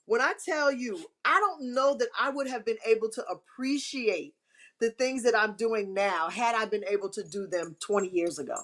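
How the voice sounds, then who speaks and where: Woman, middle-aged, live-stream host, inspirational talk, emphatic, repetitive, bright tone. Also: on the high side, normal speed. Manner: emphatic, repetitive, churchy encouragement.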